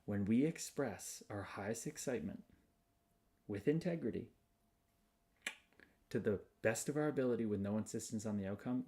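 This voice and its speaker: This livestream host has a lowish, dark voice with vocal fry. Upbeat and spiritual, he greets viewers by name and reads their comments in a casual stream.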